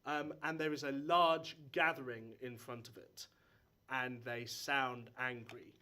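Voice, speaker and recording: Bright-voiced man running a tabletop game. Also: mid-range voice, little pitch movement, measured pace. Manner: hesitant, many ums and uhs. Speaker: game master. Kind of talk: narrating a live tabletop game. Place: stage in front of a live audience.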